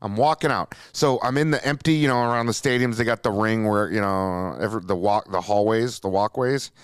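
In a lowish, clear, resonant voice at a fairly quick pace, this podcast host from Minnesota is recorded dry in studio quality. He relates a long tale casually and with plenty of swearing, breaking into acted-out quotes with animated energy.

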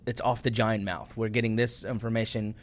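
A man's voice: lowish voice, flat delivery, brisk. A man from Iraq, a podcast guest explaining things in an earnest, casual way. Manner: earnest, explanatory, laughs easily. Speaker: guest, former intelligence worker. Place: podcast studio.

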